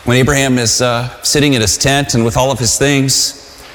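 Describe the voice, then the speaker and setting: A man's voice: medium pitch, fairly even intonation, moderate pace, fairly bright tone, a little hiss or hum. Man preaching in a reverberant hall. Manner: informal, conversational preaching with many restarts. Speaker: pastor. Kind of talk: sermon.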